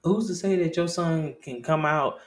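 A man in his thirties hosts a casual talk show with a slightly raised pitch. He curses freely and stumbles through restarts, then bursts out loud before dropping back to a low murmur. The room around him is bright and echoey. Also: normal speed. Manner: swears freely, restarts and repeats phrases. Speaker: podcast host.

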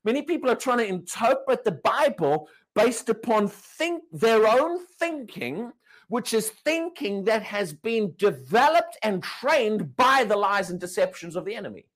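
A man's voice: sits high, sing-song, a little slow. Guy preaching a sermon, keeps asking the crowd questions, voice swoops up and down. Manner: emphatic, repeats and restarts words, asks the congregation questions.

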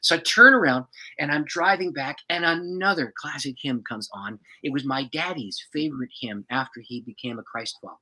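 A male pastor telling a personal story in a dramatic, expressive way, acting out the people in it. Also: a little high, a little fast, hardly any pauses, poor audio. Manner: dramatic, expressive storyteller who acts out the people in his stories.

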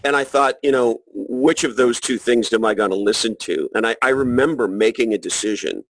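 A man's voice: mid-range voice, fairly quick, a bit bright, no room sound, poor audio. A middle-aged man talking as a podcast guest in a reflective, casual way, often restarting his sentences. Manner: reflective, many restarts and fillers. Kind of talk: casual interview conversation.

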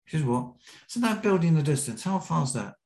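A British man, a podcast guest, telling a lively anecdote and acting out the quotes. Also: fairly high pitch, fairly quick, gravelly. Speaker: podcast guest, BASE jumper. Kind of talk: storytelling in an interview. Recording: roomy echo.

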